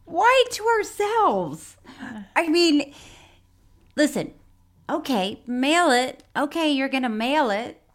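A woman's voice: high-pitched, very animated, slow, pauses often. A woman co-hosting a comedy podcast, chatting casually and laughing often. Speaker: podcast co-host.

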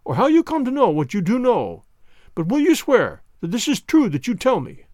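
A man reading aloud who voices a bitter, hunched old ex-soldier in a storybook, pitched higher than his own voice and given to vehement outbursts. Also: big pitch swings, moderate pace, no echo, studio quality. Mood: agitated. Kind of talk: audiobook character reading.

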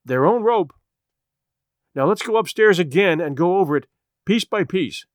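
A man voicing a brisk male county attorney in a story reading, dismissive and businesslike. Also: sits high, lively intonation, no echo, clean studio sound.

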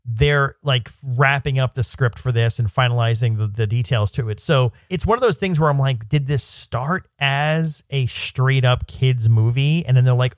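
A man's voice: mid-range voice, moderate pace, hardly any pauses, dry recording, clean studio sound. Man musing aloud on a podcast. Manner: thoughtful, reasons things out aloud. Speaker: podcast co-host. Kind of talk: casual chat about a movie.

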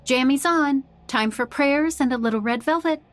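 A man voicing a gentle, kindly middle-aged mother in a narrated horror story. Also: very high voice, normal speed, pitched above the performer's own voice. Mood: calling. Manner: soft, kindly, a little regretful.

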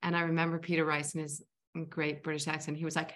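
Chatty woman with a slightly low voice. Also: level tone, fast talker, a bit bright. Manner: chatty, rambling, many fillers and restarts. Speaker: actress and filmmaker, podcast guest. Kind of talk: casual interview storytelling.

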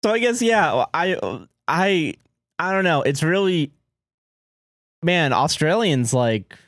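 A man's voice: a little high, very animated, takes it slowly, fairly bright tone, no room sound, studio quality. A man co-hosting a podcast in loose, casual chat, swearing and chuckling as he talks. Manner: loose, laid-back talk with swearing and chuckles. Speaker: podcast co-host.

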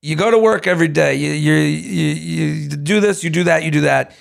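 Man, podcast co-host, slightly high and gravelly voice, rambling and jokey. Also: moderate pace. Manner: rambling, restarts, joking asides, laughs easily. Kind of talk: casual chat.

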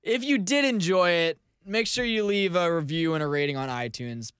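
A man's voice: high-pitched, moderate pace, a bit bright, clean tone, no room sound, studio quality. A man co-hosting a casual podcast, loose and profane, often breaking into laughter. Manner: giggly, keeps breaking into laughter. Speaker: podcast co-host.

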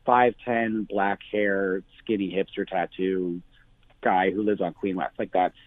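A bar owner talking casually on the phone, full of fillers and restarts. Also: male voice, low voice, fairly even intonation, a little slow, no room sound. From Canada. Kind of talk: phone interview. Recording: tinny phone line.

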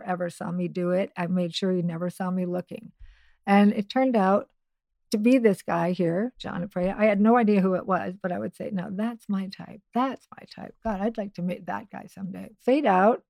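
A woman's voice: mid-range voice, a little mellow, dry recording. Chatty woman telling a long story. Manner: chatty, with frequent restarts and asides. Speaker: podcast guest. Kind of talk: casual storytelling.

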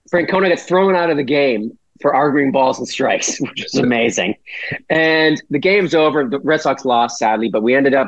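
Brief: chatty guest from Massachusetts, somewhat high voice, cursing storyteller, dull dry lo-fi audio. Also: male voice, no echo. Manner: rambling, swears freely. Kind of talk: casual storytelling.

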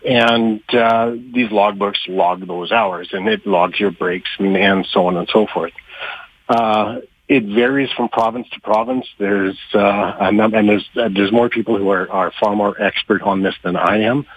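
A man with a fairly low, husky voice answers interview questions over a dull, muffled line. He talks haltingly, stacking fillers and restarts, and sounds a little short of breath. The sound is close and dry, with no room around it. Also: fairly even intonation, dry recording. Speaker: trucking industry guest.

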